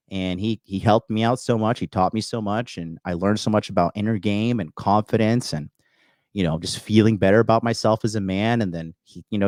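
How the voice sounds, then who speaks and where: A man's voice: fairly low pitch, a little mellow, no room sound. A man in his thirties hosting a call-in coaching show, talking in a boastful, profane, emphatic way with lots of fillers. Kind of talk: casual livestream monologue.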